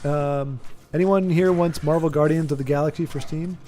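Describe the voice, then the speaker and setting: A man's voice: fairly high pitch, steady tone, moderate pace, mellow, a little hiss or hum. An American man streaming a game, rambling casually and chatting with his viewers. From United States. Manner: rambling, chatty, lots of restarts, reads chat aloud. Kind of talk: casual chat while gaming.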